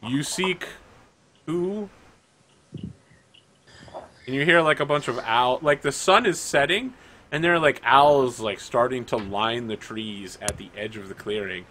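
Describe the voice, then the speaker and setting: A man's voice: medium pitch, normal speed, sharp tone, a little hiss or hum. A man narrating as game master of a tabletop game, casual and chatty with lots of fillers.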